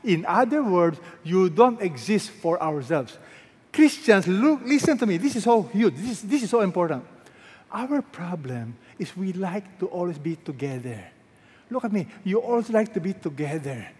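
Here a pastor with a Filipino accent preaches in a large church hall, using a high-pitched, sing-song voice that is a little mellow and husky, at normal speed. He's emphatic, repeating phrases and firing rhetorical questions at the congregation. The hall leaves a long reverb.

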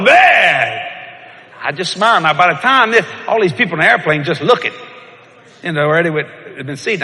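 A man, preaching and telling a story with lively shouts and laughter. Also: on the high side. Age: older. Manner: animated, shouting punchlines, laughing. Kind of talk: sermon storytelling. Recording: echoey hall with crowd.

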